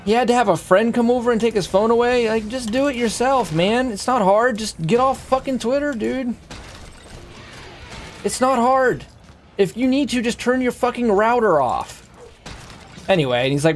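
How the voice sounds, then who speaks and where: A man's voice: extremely high pitch, moderate pace, soft background music. A young man streaming a game, ranting casually and heatedly with lots of swearing, rambling from thought to thought. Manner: profane, rambling, heated and emphatic. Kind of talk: casual rant while playing a game.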